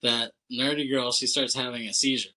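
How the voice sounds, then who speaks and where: A man co-hosting a podcast, recapping a film plot in a loose, chatty way, full of "like", quick laughs and casual swearing. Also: mid-range voice, steady tone, pushed and bright, low-quality recording. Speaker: podcast co-host.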